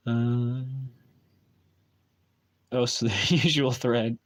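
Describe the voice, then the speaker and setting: A man's voice: mid-range voice, little pitch movement, very slow. A man chatting casually with viewers on a live stream at home, talking hesitantly with many restarts and fillers.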